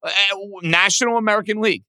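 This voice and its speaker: Radio host guy, kinda high and bright, mumbling out his guesses and getting annoyed, dry studio sound. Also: fast, smooth, dry recording. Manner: animated, thinks out loud, self-deprecating. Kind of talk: casual sports talk, answering trivia.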